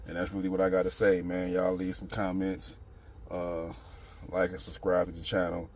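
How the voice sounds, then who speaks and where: Low-voiced man rambling in slang. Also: monotone, moderate pace, a little mellow, slight background noise. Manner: rambling, street slang, repeats "you know what I'm saying". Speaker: channel host. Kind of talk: casual opinion monologue.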